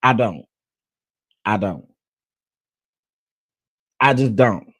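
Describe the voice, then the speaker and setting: A man's voice: on the low side, expressive, very slow, slightly rough, no room sound. A man hosting a celebrity gossip show in casual, sassy commentary, repeating phrases for emphasis and talking straight to his viewers. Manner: addresses viewers as "y'all". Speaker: host of a celebrity gossip channel.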